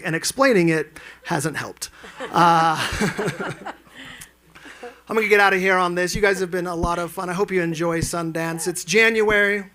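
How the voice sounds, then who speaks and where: A man's voice: sits high, pushed and bright. A man performing a stand-up comedy set, telling stories animatedly and acting out quotes with sudden jumps in his voice. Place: live event lounge.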